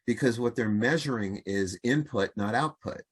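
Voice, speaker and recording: A man speaking as a podcast guest, a communication coach and author, talking in an animated way and acting out the voices he quotes. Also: mid-range voice, moderate pace, husky. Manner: animated, acts out quoted voices, laughs easily. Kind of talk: conversational interview.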